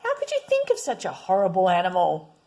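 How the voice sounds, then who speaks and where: A woman voicing a cross mother in a read-aloud storybook, scolding quickly. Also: fairly low pitch, huge pitch swings, warm tone, poor audio. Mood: disgusted.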